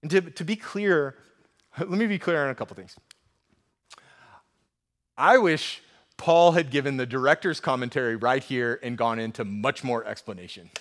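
A man's voice: medium pitch, moderate pace, long pauses, a bit bright. A middle-aged man preaching as a pastor, telling everyday stories in a conversational way and building to urgent, emphatic appeals. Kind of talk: sermon.

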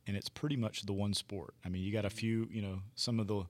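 A very deep-voiced man talks things through at an easy, rambling pace, leaning on "you know" as he thinks aloud. His tone is conversational and reflective. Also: steady tone, quick pace. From United States. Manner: rambling, thoughtful, many fillers. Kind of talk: casual chat.

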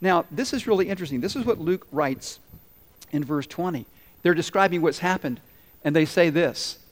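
High-voiced man preaching in a reverberant hall. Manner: dramatic pauses and voiced quotes. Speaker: pastor. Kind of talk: sermon.

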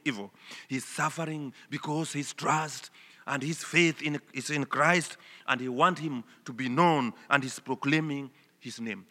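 A man from Kenya preaching a sermon, swinging between loud emphatic declarations and soft, earnest appeals. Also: sits high. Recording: long hall reverb.

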